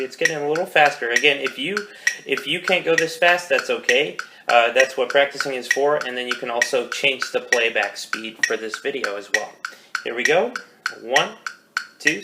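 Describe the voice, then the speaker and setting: Gravelly male drum teacher counting off. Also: mid-range voice, normal speed. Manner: casual, counts aloud, self-correcting. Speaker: percussion teacher. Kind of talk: drum rudiment lesson, counting off. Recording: loud background noise.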